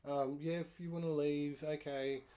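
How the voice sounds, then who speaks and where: A man's voice: fairly high pitch, flat delivery, moderate pace, warm tone, smooth, voice pushed up, natural voice. A twitchy, pushy woman on a date, brushing things off in a breezy, offhand way, as a male storyteller puts her on. Her tone rises a little above his usual speech, loose and casual.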